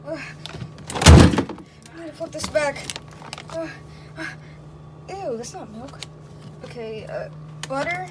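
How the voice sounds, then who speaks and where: A woman's voice: high-pitched, animated, slow, long pauses, very noisy. A woman doing a whiny trapped Mario. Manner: whiny, exclaiming. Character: male cartoon plumber, whiny, hungry, trapped. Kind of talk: toy puppet skit. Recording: loud background music.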